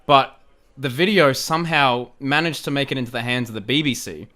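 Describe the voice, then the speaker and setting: An excitable young Australian man tells a story as a podcast guest. His voice is bright and crisp, and he laughs and repeats phrases as he goes. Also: medium pitch, brisk. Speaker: guest, fan video creator. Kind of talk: casual storytelling in a podcast chat.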